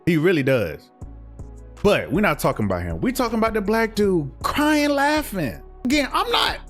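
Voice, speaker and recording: A man's voice: sits high, huge pitch swings, moderate pace, fairly bright tone, faint music behind. A young man, giving a blunt, profane, heated commentary rant as a reaction streamer.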